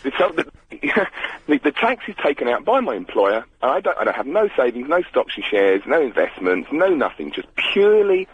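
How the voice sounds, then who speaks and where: A man from Britain with a slightly croaky voice calling a radio show, explaining his case earnestly. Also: medium pitch, huge pitch swings, normal speed, a little hiss or hum. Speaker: caller. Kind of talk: phone-in chat. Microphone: telephone. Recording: lo-fi phone line.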